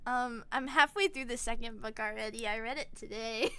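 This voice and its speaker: A young woman streamer chatting casually, retelling things in an animated way with quick little voices and giggles. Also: on the high side, smooth. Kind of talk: casual chat.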